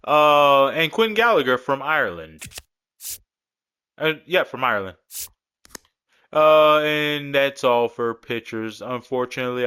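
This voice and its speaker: A man's voice: medium pitch, pushed and bright, clean tone. A man giving casual, rambling commentary as a gaming creator, talking through his game creations in a laid-back, joking way. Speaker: gaming YouTuber.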